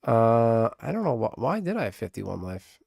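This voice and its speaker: A man streaming a card game live, chatting casually with viewers, excitable and swearing freely. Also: mid-range voice, moderate pace, vocal fry, no room sound, studio quality.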